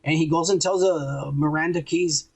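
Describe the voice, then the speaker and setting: A man with a fairly high, husky voice rambles through an episode recap, swearing freely and slipping into the lines he quotes. Casual podcast chat between friends. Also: steady tone, normal speed, a little mellow, low-quality recording. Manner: crude, rambling, acts out quotes. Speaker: podcast co-host.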